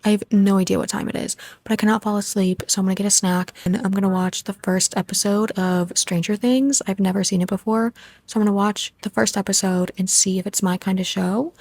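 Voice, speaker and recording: A young woman vlogging casually at home into her phone, chatty and excitable as she talks to her viewers. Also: mid-range voice, a little fast, dry recording. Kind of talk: casual vlog chat.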